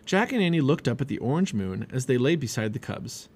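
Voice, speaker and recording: A man reading a children's chapter book aloud as a parent, animated and expressive. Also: medium pitch, fairly quick, breathy edge. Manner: animated, expressive reading with many character voices. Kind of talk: storybook read-aloud.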